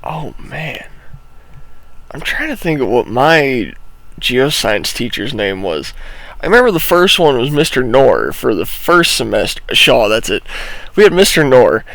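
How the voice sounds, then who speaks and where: Young man telling animated stories. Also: medium pitch, dry recording, poor audio. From Illinois, USA. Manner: rambling, animated storytelling with laughs and profanity. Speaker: podcast co-host. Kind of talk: casual podcast storytelling.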